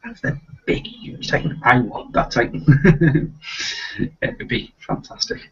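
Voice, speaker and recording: A man's voice: on the high side, wildly swooping pitch, a little slow, breathy edge. A man with a light Liverpool accent hosting a casual live-stream chat. He rambles, with many fillers and restarts. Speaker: host of a live video chat. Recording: muffled, distant, lo-fi stream audio.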